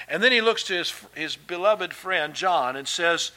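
A man delivers a sermon from the pulpit, his voice pitched a little high and ringing bright. He presses hard on key words, then drops to a softer aside, with casual restarts and fillers between. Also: lively intonation, moderate pace. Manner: emphatic preaching, swinging between loud and soft. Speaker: pastor.

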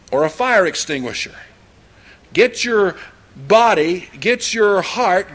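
A man's voice: sits high, a bit bright. An older man preaching a sermon in a folksy, rambling way, full of homespun anecdotes and fillers. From Oklahoma. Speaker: pastor.

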